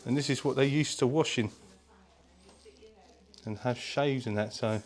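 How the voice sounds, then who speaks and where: A man vlogging a casual walking tour of an open-air museum, chatty and excitable, talking straight to his viewers. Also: medium pitch, unhurried. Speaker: travel vlogger. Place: visiting an open-air museum, indoors and outdoors.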